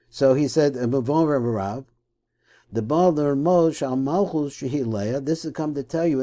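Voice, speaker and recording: A man's voice: medium pitch, dark tone. A man teaching a text study lesson, reading phrases and then translating and puzzling over them aloud, with frequent restarts and self-corrections.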